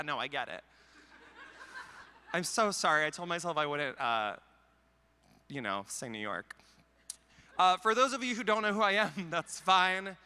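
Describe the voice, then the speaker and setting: Wry, bright-voiced man on stage. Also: a little high, big-room sound. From Canada. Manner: wry, self-deprecating, quick jokes. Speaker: conference speaker. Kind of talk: comedic keynote talk. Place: large conference hall. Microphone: handheld mic.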